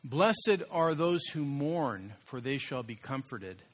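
A man preaching a sermon as pastor, conversational and emphatic, slowing down to stress key words. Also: mid-range voice, expressive.

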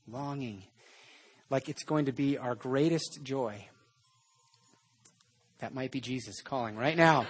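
A man preaching a sermon in a conversational way, with animated storytelling. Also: medium pitch, husky. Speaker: pastor.

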